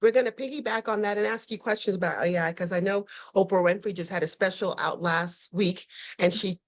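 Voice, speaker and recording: A woman's voice: mid-range voice, a little fast. New york woman hosting a video call, chatty, upbeat, keeps repeating herself. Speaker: host of an online networking call. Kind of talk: lively casual hosting.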